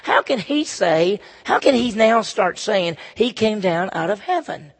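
A man's voice: high-pitched, sing-song, measured pace, slightly rough, voice pushed up, exaggerated voice. A man voicing a group of indignant grumbling townsmen who scoff with raised, incredulous questions.

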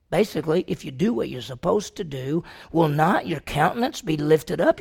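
Male preacher with a gravelly edge, animated sermon delivery, calls out rhetorical questions and leaps up in pitch for emphasis. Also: normal speed, few pauses. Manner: pitch jumps high when emphatic.

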